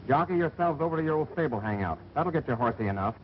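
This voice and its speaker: A man's voice: fairly high pitch, expressive, fast talker, a little hiss or hum, natural voice. An actor playing a dry, scolding young man in charge of a boys' club. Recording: muffled 1940 film soundtrack.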